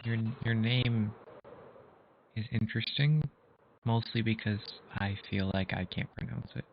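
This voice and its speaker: A man streaming a game, chatting casually and halting, trailing off and restarting as he talks to viewers. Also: lowish voice, fairly even intonation, dull audio, slight background noise. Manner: halting, trails off and restarts while talking to chat. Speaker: gameplay streamer. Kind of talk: casual live-stream chat.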